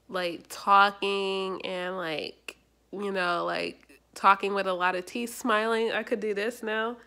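A young adult woman chatting casually in a vlog, rambling and animated, with lots of fillers. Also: mid-range voice, slow. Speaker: YouTuber.

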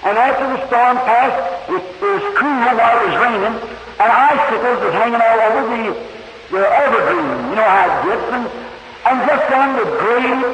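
A man preaching a storytelling sermon, impassioned and rambling, his pitch and volume surging. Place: church hall. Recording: hissy echoey 1950s tape from a hall.

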